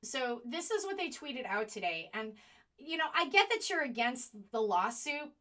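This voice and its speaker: A woman with a bright, clear voice hosts a live online stream. She talks straight to her viewers, indignant one moment and apologetic the next as she hunts for links on a slow computer. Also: high-pitched. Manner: animated, indignant. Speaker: online show host.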